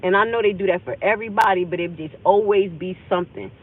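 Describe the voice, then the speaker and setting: A woman's voice: mid-range voice, fast. A woman host telling an emotional personal story on a livestream, rambling and acting out the conversations she remembers. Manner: intense, rambling, acts out remembered dialogue. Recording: tinny phone-like audio.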